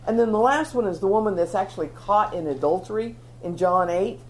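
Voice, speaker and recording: A woman's voice: mid-range voice, fairly quick, a little hiss or hum. A woman teaching a Bible lesson in an earnest, conversational sermon style, often restarting her phrases.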